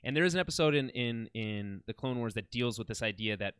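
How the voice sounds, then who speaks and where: A man with a smooth, resonant voice rambles through an eager recap of a TV show on a podcast. He keeps backing up and rephrasing as he goes. The sound is dry and close. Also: mid-range voice, expressive, fast talker, a bit bright, dry recording. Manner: rambling, enthusiastic, many restarts. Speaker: podcast co-host. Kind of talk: casual film and TV chat.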